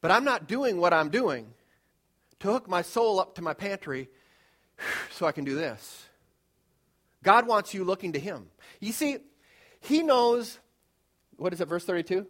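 Emphatic, higher-voiced male pastor preaching. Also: expressive, moderate pace, long pauses. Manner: conversational, emphatic preaching with swings from loud to hushed. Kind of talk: sermon.

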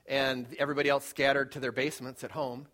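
A male pastor preaching a sermon in a conversational, emphatic way, moving between loud urging and hushed storytelling. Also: medium pitch, flat delivery, quick pace.

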